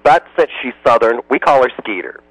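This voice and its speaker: A man's voice: medium pitch, lively intonation, fairly quick, a bit bright, dry recording, rough recording. An American man, a radio interview guest, telling emotional stories and slipping into other people's voices. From United States.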